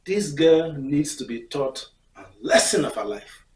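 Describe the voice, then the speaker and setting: A woman recounts a story, acting out each scene. Her pitch swings widely while she keeps an unhurried pace. She sounds distant from the mic in a roomy, echoing space. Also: a little hiss or hum. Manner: expressive, laughs often, acts out scenes. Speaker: storyteller vlogger. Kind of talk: animated personal storytelling. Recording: echoey room, mic far off.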